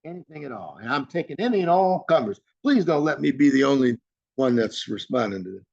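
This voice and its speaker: A man's voice: mid-range voice, sing-song, a little fast, vocal fry, a little mellow, no echo, lo-fi sound. A man leading an online training session, reading out participants' answers and praising each one by name in a chatty, informal way. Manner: chatty and informal, frequent fillers. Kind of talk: live online training, reading chat replies aloud.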